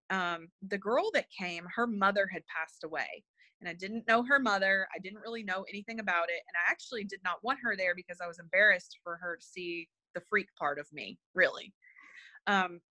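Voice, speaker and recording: Bright-voiced woman telling a heartfelt story. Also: medium pitch, moderate pace, no room sound. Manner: hesitant, full of fillers and restarts; earnest and emotional. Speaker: interview guest, spiritual medium. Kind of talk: personal storytelling in conversation.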